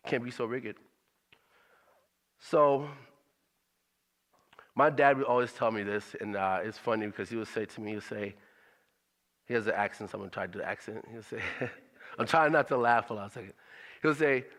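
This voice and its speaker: A man's voice: lowish voice, moderate pace, long pauses, a bit bright, big-room sound. A man speaking at a church service in a conversational, motivational way, repeating his questions for emphasis.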